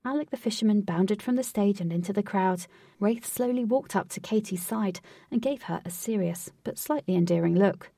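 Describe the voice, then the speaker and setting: A woman narrating a storybook in an even, clear reading voice. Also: mid-range voice, normal speed, no echo, studio quality, distant mic.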